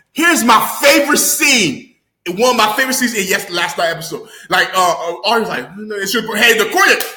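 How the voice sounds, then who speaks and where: A young man giving an excited, slangy recap of a TV episode, swearing freely and breaking into loud exclamations. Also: sits high, reverberant, slight background noise. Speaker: YouTuber reviewing a TV episode.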